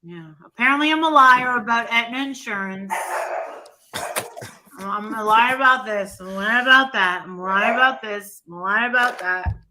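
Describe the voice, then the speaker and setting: A woman's voice: fairly high pitch, normal speed. A woman joining a live stream panel, chatting casually with a sarcastic, exasperated edge. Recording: noisy background.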